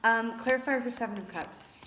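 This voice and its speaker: A young woman reading tarot cards for her viewers in a chatty, animated way, thinking aloud with lots of fillers. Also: on the high side, fairly quick, noisy background. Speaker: tarot reader. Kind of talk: casual tarot reading to camera.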